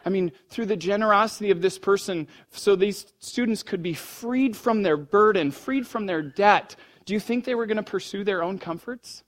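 A man's voice: high voice, a little fast, few pauses. Man preaching with rising fervor. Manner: storytelling, swings from hushed to fervent. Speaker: pastor. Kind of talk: sermon.

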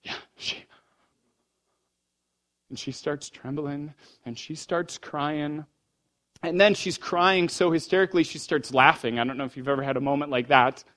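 A pastor preaches a sermon at a moderate pace, pausing often. His storytelling shifts between quiet, low passages and fervent, raised ones.

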